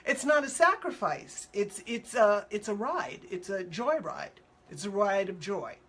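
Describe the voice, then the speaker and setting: A woman's voice: mid-range voice, lively intonation, unhurried, fairly bright tone, slightly rough. A woman hosting a show as an animal communicator, chatting casually and upbeat with viewers, answering their questions in loose, repetitive phrasing and acting out quotes playfully.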